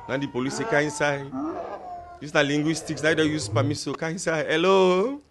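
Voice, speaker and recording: A man's voice: fairly high pitch, fairly even intonation, brisk, background noise. A man from Sierra Leone with a Krio accent, telling stand-up jokes in Krio-flavored English and acting out the people in them. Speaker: comedian.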